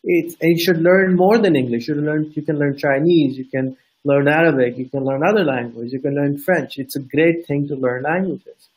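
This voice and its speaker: A man's voice: fairly high pitch, normal speed, a little mellow, slight background noise, rough recording. A man with a Pakistani accent, co-hosting a live show and giving earnest, direct advice in a casual, repetitive way. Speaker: co-host.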